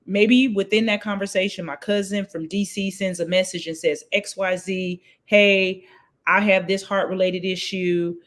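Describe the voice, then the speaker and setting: A woman, a guest telling her story in a casual interview, acting out what others said in lively voices. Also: on the low side. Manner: animated, acts out quoted voices.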